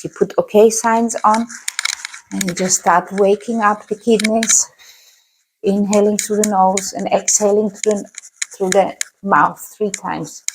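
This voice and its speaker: A woman teaching a qigong class, calmly guiding movements and breathing. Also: mid-range voice, noisy background. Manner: calm, guiding instructions. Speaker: qigong instructor.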